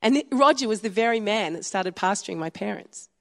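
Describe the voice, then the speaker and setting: A woman's voice: mid-range voice, lively intonation, fairly quick. Australian woman pastor, echoing hall. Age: 50s. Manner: warm storytelling, conversational with frequent chuckles. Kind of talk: sermon. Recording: long hall reverb.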